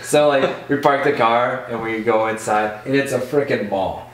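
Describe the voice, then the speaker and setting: A man who is a podcast guest telling a casual story in an animated way, full of "like". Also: medium pitch, moderate pace, recorded from a distance. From Michigan. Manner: animated, full of "like", acts out voices in quotes. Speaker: podcast guest, BMX rider. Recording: echoey room, off-mic.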